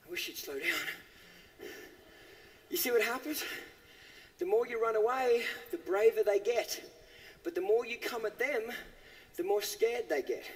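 A man's voice: very high-pitched, moderate pace, pauses often, big-room sound. A man giving a live horse-training demonstration, asking his listeners questions and tagging lines with "okay?". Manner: asks the audience questions, keeps saying okay. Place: horse arena.

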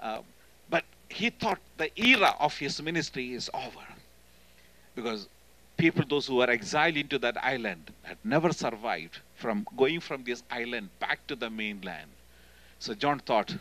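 A man with an Indian accent preaching a sermon in church as a guest speaker, emphatic and swinging between loud and hushed delivery. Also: mid-range voice, expressive, normal speed, low-quality recording. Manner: emphatic, often calling "hello?" to the congregation.

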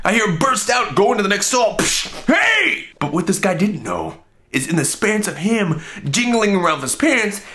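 A young man delivering a comedic story monologue with animated, exaggerated comic delivery. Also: high voice, normal speed.

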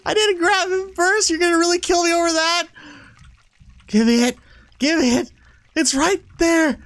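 A man playing a horror game on a headset mic, excitable, laughing often and swearing at the game. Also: extremely high pitch, measured pace, long pauses, slight background noise. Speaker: gaming YouTuber. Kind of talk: let's-play commentary.

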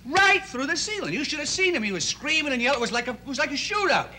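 A young actor playing an earnest, idealistic teenage boy in a 1960s TV drama. He talks in a halting, rambling way full of restarts. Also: sits high, big pitch swings, sharp tone, slight background noise, exaggerated voice.

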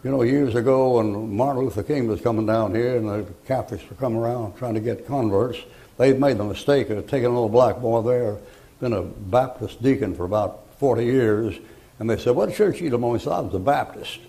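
An older preacher gives a folksy sermon packed with jokes and acted-out stories, in what sounds like a live church recording. His voice is dark, gravelly and mid-range, and he speaks briskly.

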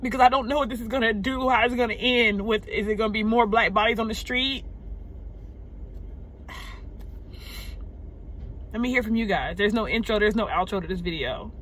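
A woman talks straight to her viewers from a parked car, upset and searching for words. Her voice is bright and forceful. She stops mid-phrase, repeats herself and lets out heavy sighs. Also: on the high side, a little hiss or hum. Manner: halting, sighing, repeating words. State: upset and shaken. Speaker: vlogger. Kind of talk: unscripted emotional vent to camera. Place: parked car in a parking lot.

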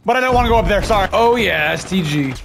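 Young male gamer, high lively voice, shouty and crude; loud gunfire behind. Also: fast talker, gravelly, very noisy. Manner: loud, excitable, crude, jokey, yelps and shouts. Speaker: gaming video creator. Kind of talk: casual gameplay commentary. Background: loud game gunfire.

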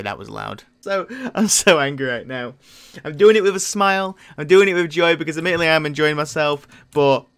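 A man giving casual gameplay commentary as a YouTuber, excitable and self-mocking, bursting into loud outbursts. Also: fairly high pitch. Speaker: gaming YouTuber.

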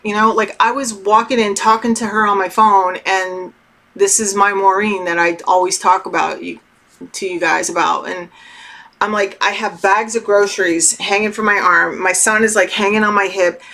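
A middle-aged woman giving casual spiritual advice to her viewers, talking slowly and candidly with many fillers and some swearing. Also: mid-range voice, steady tone, bright, forceful tone. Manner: candid, loose and swears freely; slow, meandering talk with many fillers. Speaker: tarot channel host.

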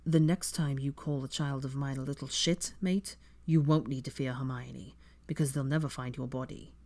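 A fan fiction reader voicing a protective, intense young man in low, hushed tones. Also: steady tone, moderate pace, no room sound, natural voice. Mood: cold.

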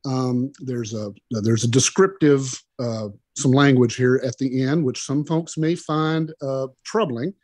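A man's voice: medium pitch, fairly even intonation, a little slow, darkish tone, dry recording. Folksy Oklahoman man, stammering. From Oklahoma, USA. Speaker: musician guest. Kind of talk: interview chat.

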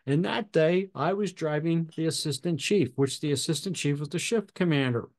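A man hosting a podcast, telling a fire service story in a measured, deliberate way with pauses. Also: fairly high pitch. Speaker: podcast host and fire officer instructor. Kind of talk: storytelling anecdote.

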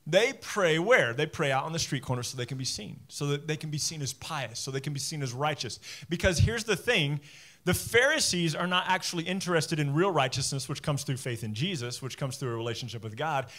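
A pastor in his forties delivers a sermon, talking to the congregation in a loose, animated way. His voice sits a little higher than most men's. He often breaks off for quick asides. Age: 40s. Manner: conversational, animated preaching with asides.

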